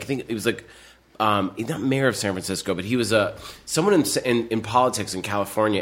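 A man as a podcast guest, telling stories in a casual chat, animated and full of fillers and laughter. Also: lowish voice.

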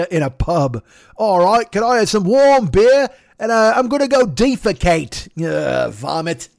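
A man's voice: mid-range voice, a little mellow, no echo, clean studio sound. A man hosting a comedy podcast, ranting in a profane, sarcastic and rambling way. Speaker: podcast host.

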